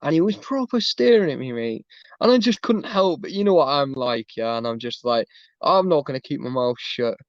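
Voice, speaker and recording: A man's voice: mid-range voice, animated, normal speed, no room sound, highs cut off. A man in casual chat on a stream, rambling and calling everyone mate.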